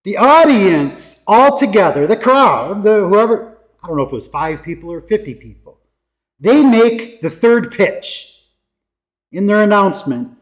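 Slow, high-voiced preaching man. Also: sing-song. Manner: emphatic preaching with dramatic pauses and quoted voices. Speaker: pastor. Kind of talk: sermon.

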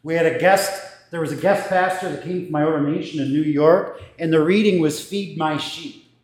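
A man's voice: on the high side, moderate pace. A man, a pastor, casually teaching his congregation in the church, thoughtful and conversational, moving around as he talks. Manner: conversational, thoughtful, with restarts and gestures. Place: church sanctuary. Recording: echoey church room.

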